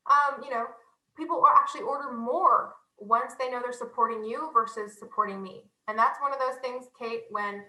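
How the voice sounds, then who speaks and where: A young woman giving a casual, animated sales training talk, chatty and self-deprecating. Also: fairly high pitch, normal speed, echoey room, rough recording.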